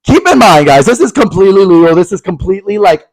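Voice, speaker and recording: A man's voice: sits high, sing-song, fast talker, poor audio. A young man telling a long story on a podcast, gossipy and profane, jumping in and out of quoted voices. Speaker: podcast co-host. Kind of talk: casual storytelling chat. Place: podcast studio.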